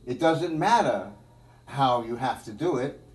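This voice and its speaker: A man's voice: medium pitch, expressive, unhurried, darkish tone. A man teaching a live drum lesson, rambling and thinking aloud with many fillers. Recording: echoey room, mic at a distance, background noise.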